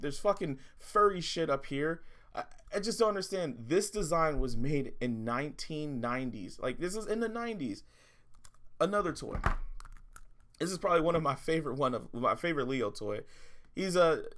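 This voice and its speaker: Guy ranting and cussing on a toy vlog, kinda high voice, bouncy pitch. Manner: frustrated, swearing, animated ranting. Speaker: toy reviewer, channel host.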